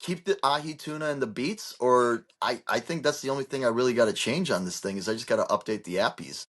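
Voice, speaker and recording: A man's voice: mid-range voice, fast talker, fairly bright tone. A man co-hosting a podcast, talking casually and rambling with many restarts and fillers. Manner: rambling, restarts often, heavy use of "like". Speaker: podcast co-host.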